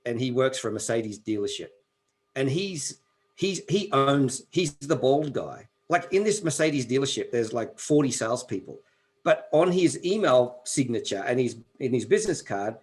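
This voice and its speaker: A man's voice: medium pitch, animated, moderate pace. A man co-hosting a casual podcast chat, thinking aloud and pressing his point with lots of "you know.". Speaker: podcast co-host. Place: Colorado.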